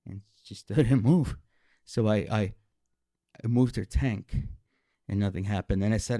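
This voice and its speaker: A man telling a personal story live on stage, animated and emotional, often stammering and repeating his words. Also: fairly low pitch, a little slow, no room sound, clean studio sound.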